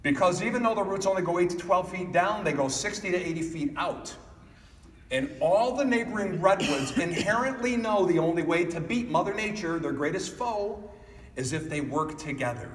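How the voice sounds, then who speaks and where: During a motivational keynote in a conference hall, a man with a fairly high voice tells animated stories at a moderate pace and keeps putting questions directly to the crowd. A distant mic captures him in the large, echoey hall with a long reverb tail and slight background noise.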